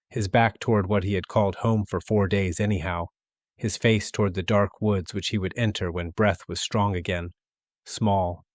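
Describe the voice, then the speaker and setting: A man reads a classic short story aloud in a steady, measured audiobook narration. His voice sits low, and the recording is dry and close to the mic, with no room sound. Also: no room sound. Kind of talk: scripted literary narration.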